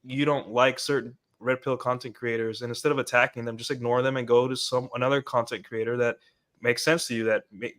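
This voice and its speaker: A podcast co-host talks in a loose, rambling way during a casual discussion, restarting often and using lots of fillers. His medium-pitched voice is level, fairly quick, and somewhat bright.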